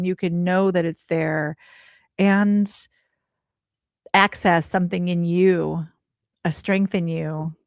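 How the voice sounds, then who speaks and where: A woman in her forties, a podcast guest, telling a heartfelt personal story in an animated way, acting out the voices she quotes. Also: lowish voice, no room sound, studio quality. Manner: animated, acts out quoted voices, laughs often.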